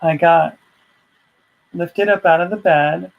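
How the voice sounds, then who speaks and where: A woman's voice: on the low side, slow, vocal fry, phone-quality sound. A woman vlogger telling a personal story in a casual, rambling way, full of asides.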